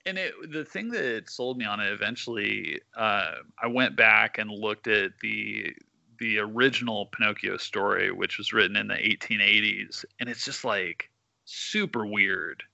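Podcast guest: man, gravelly voice, loose rambling delivery, dull recording. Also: fairly low pitch, a little slow, bright, forceful tone. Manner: rambling storyteller with many fillers. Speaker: guest comic book writer. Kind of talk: casual podcast chat. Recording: dull lo-fi sound.

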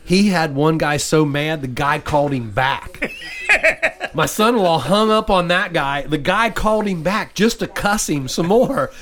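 Man in a casual table chat, slightly high pitch, tells stories and acts out the calls. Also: expressive, measured pace, a bit bright. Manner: storytelling, acts out phone calls.

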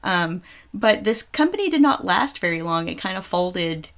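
A woman's voice: on the low side, big pitch swings, normal speed, fairly bright tone. A woman co-hosting a podcast, chatting casually about films with frequent ums. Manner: chatty, nitpicking, many ums. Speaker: podcast co-host. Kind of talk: casual film chat.

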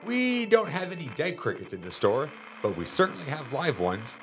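A man reading a storybook, voicing a jolly, chubby, bearded bait shop owner in a hearty, booming way. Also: big pitch swings, moderate pace, over music, rough recording. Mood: jovial.

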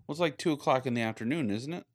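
A man's voice: medium pitch, very fast, dry recording, studio quality. A man co-hosting a casual podcast, cracking jokes and laughing often. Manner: lively, wisecracking, laughs often. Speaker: podcast co-host. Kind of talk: casual chat.

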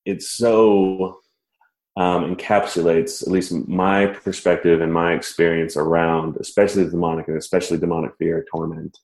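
A man telling a personal story in casual talk, animated and self-mocking, laughing as he goes. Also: deep voice, moderate pace. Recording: roomy echo.

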